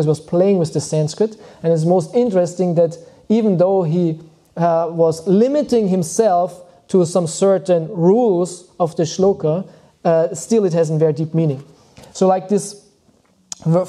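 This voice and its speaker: A man giving a devotional lecture, reading verses and explaining them in an unhurried way with frequent pauses. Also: on the high side, warm tone. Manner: unhurried, thoughtful, often pauses with "uh" and restarts words. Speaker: spiritual teacher.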